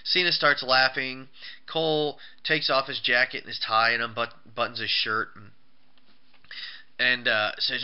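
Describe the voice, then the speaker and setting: A man's voice: mid-range voice, moderate pace, clean tone. Man rambling through a casual recap. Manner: rambling, with fillers and restarts. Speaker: wrestling show reviewer. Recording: dull lo-fi recording.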